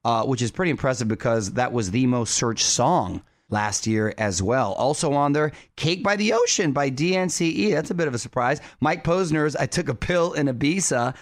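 A man's voice: medium pitch, no echo, clean studio sound. A man hosting a radio show in a casual, upbeat, chatty way.

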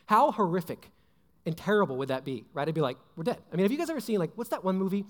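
A young adult man preaches a casual sermon in a high, sing-song voice at a racing pace. He's chatty and packs in fillers like "like" and "right?". The recording has long hall reverb.

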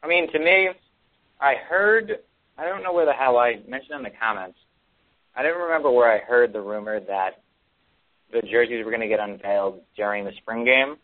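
On a casual sports talk show, a male co-host rambles with lots of ums and restarts. He speaks at medium pitch and a moderate pace, and the recording sounds tinny, like a phone.

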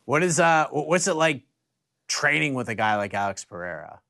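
A man's voice: mid-range voice, very animated, normal speed, pushed and bright. A man hosting a casual talk show in an upbeat way. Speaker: host. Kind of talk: casual chat.

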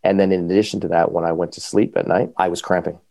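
A man's voice: deep voice, creaky, dry recording. A man telling his own story as a podcast guest, casually and animatedly, with lots of fillers. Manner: animated, quick, full of fillers.

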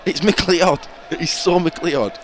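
A man's voice: fairly high pitch, very slow, a faint crowd. A man co-hosting a casual football podcast, laughing and arguing playfully. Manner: laughing, bantering, argumentative. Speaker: podcast co-host. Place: outdoors at a football stadium. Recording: noisy outdoor stadium recording.

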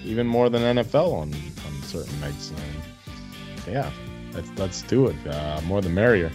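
A man's voice: sits low, animated, measured pace, music in the background. A man co-hosting a hockey betting podcast, laid-back and teasing in casual chat. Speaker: podcast co-host.

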